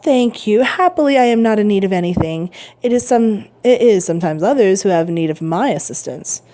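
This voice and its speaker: A woman's voice: medium pitch, expressive, a little fast, mellow, lightly acted. A woman voicing a sly, grudging young male tailor who needles his neighbor in a storybook reading.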